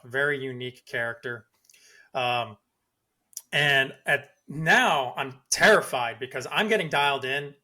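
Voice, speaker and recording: A man hosting a podcast, retelling a hunt in an excited, casual way full of "like"s. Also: fairly high pitch. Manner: excited, lively retelling with many "like"s. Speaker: podcast host. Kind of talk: casual storytelling.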